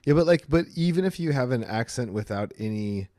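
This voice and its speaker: A man's voice: mid-range voice, animated, fairly quick, dark tone, no room sound, clean studio sound. A man chatting casually, rambling with lots of fillers and restarts. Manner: rambling, many likes and restarts. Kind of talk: casual chat.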